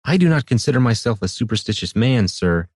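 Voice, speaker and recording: A man's voice: medium pitch, animated, brisk, darkish tone, breathy edge, dry recording, clean studio sound, voice pushed up. A man voicing a timid, nervous male cobbler in a fantasy audiobook, pleading and anxious.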